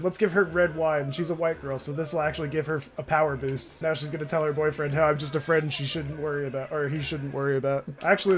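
A high-pitched man talking over his gameplay in a loose, joking way. He swings quickly between wisecracks and loud panicked yelling, with light music playing underneath. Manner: excitable, crude jokes, frequent laughing and shouting. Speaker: gameplay streamer. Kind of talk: casual gameplay commentary.

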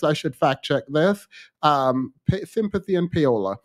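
A man's voice: a little high, animated, measured pace. A man hosting a reaction commentary, sarcastic and mocking. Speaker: commentary channel host.

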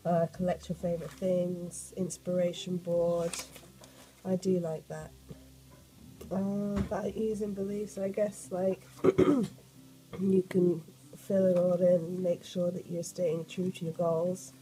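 A woman, croaky from a cold, chatting excitedly as she unboxes a sketchbook for an art vlog. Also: on the low side, slow pace, soft background music, low-quality recording. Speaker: art vlogger.

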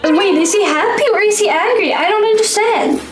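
A woman's voice: extremely high pitch, fairly quick, echoey room. A woman streamer reacting to videos in casual, giggly commentary, often exclaiming and laughing.

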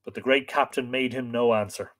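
Man, livestream host, reads a story aloud, expressive, lilting. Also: mid-range voice, a little fast.

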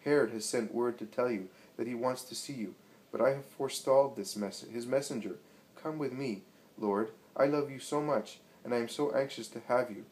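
A man's voice: mid-range voice, normal speed, a little mellow, natural voice, rough recording. A man reading as Salome, a bold young woman. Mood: pleading. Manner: pleading, insistent.

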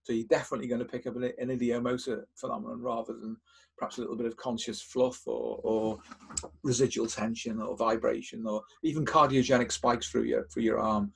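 Older man with a husky voice. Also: mid-range voice, brisk. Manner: calm step-by-step explaining with frequent restarts and repeated words. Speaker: therapist and podcast host. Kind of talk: instructive podcast talk.

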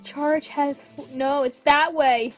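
A woman with a high voice talks through a let's play, jumpy and easily startled. She gasps and chats aloud to the creatures in her game. Faint game music runs underneath. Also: fairly even intonation, takes it slowly. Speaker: gamer.

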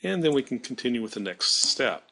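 A male math teacher narrates a screen-recorded tutorial, his voice bright and a little husky. His pitch moves up and down a lot, and he thinks aloud as he works, stopping to fix his own mistakes. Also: sing-song, brisk. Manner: thinking aloud while working, self-correcting.

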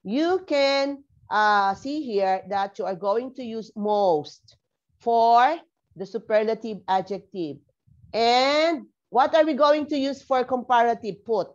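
Woman, teacher, slow deliberate delivery, spells words out, frequent "okay?", muffled lo-fi audio. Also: a little high. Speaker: English teacher. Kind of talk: online grammar lesson.

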